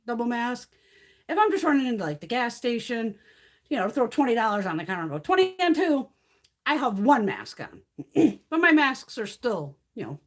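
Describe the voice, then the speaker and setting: Foul-mouthed woman with lively swooping pitch. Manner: blunt, heavily profane storytelling; laughs through her stories. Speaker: makeup live stream host. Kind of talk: casual chat.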